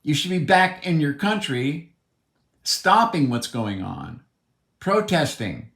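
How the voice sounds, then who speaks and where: A man's voice: a little high, very animated, slow, vocal fry, fairly bright tone. A man delivering a heated, blunt, profane monologue, commenting on the news. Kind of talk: opinionated monologue. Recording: roomy echo.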